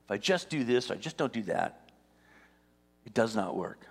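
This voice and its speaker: A man's voice: mid-range voice, expressive, moderate pace, slightly rough, big-room sound. A man preaching a sermon, telling stories with acted-out dialogue and rising in force as he reads scripture. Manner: storytelling, acts out dialogue, rises on scripture. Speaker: pastor.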